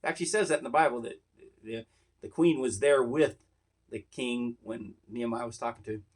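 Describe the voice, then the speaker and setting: Man, bible teacher, husky voice, mid pitch, rambling conversational asides. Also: brisk. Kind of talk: casual Bible lesson.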